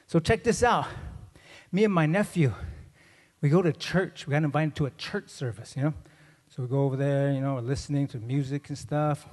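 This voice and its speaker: A man's voice: on the high side, darkish tone. A man telling a comic story on stage and hyping up the crowd with call-and-response. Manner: laid-back, joking, audience call-and-response. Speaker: stage performer. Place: large conference hall. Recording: reverberant conference hall.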